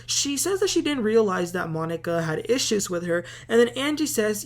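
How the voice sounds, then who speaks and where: A woman's voice: medium pitch, big pitch swings, moderate pace, hardly any pauses. A woman hosting a casual TV recap, chatty and opinionated, with plenty of filler words. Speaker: host.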